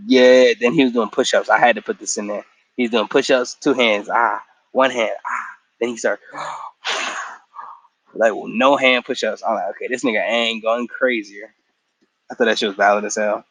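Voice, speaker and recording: A man's voice: fairly low pitch, steady tone, moderate pace, long pauses, a bit bright, dry recording, low-quality recording. A tired man in a casual episode recap after a work shift, slangy and profane, acting out the characters' lines as he retells the story. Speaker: show recap vlogger.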